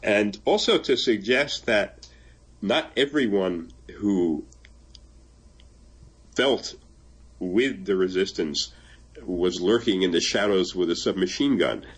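Slow-paced, with long pauses and lively intonation, an older man's low, slightly rough voice discusses the memoir he is translating. As the guest in a conversational interview, he reads passages aloud and laughs from time to time.

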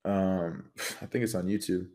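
A young man in his twenties, co-hosting a podcast in relaxed, slangy and profane casual chat. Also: low voice, measured pace. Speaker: podcast co-host.

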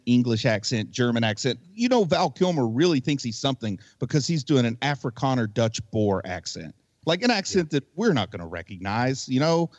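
A man's voice: mid-range voice, dry recording, muffled recording. A man co-hosting a podcast, casually picking apart a movie with rambling, critical remarks. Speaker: podcast co-host. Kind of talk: casual movie review chat.

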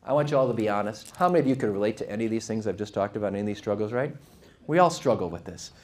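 A man's voice: on the low side, lively intonation, racing. An earnest man gives a talk to a live audience in a conversational way. He asks the listeners questions and tells stories, acting out the voices of the people in them. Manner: vivid storytelling with quoted voices. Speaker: Catholic speaker.

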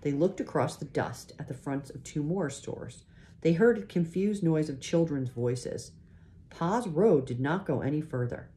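Very low-voiced woman reading aloud. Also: expressive. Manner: gentle, unhurried, shows the pictures. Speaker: reader. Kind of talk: reading a children's book aloud.

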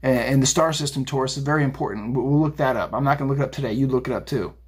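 A man's voice: medium pitch, racing, slightly rough. A man giving a tarot reading on a phone video, blunt and fired up, swearing and rambling. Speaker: tarot reader. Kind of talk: casual profane psychic rant.

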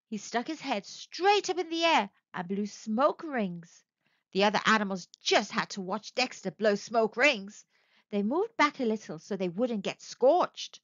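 A woman narrating a children's story aloud in an expressive, sing-song way. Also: fairly high pitch, measured pace, dry recording, dull audio.

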